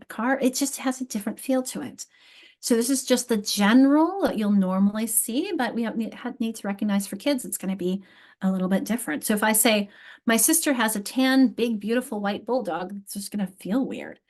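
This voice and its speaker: A woman's voice: fairly high pitch, a little fast. A woman leading a teacher training on literacy, talking through grammar examples with many restarts and rhetorical tag questions. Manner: animated, many restarts and fillers. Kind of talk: live teacher training lecture.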